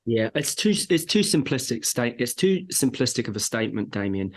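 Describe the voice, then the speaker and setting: Man, sales trainer, emphatic, coaching tone, stacks rhetorical questions, medium pitch, remote call. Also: sing-song, brisk. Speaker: sales and marketing trainer for agriculture. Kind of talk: podcast interview guest.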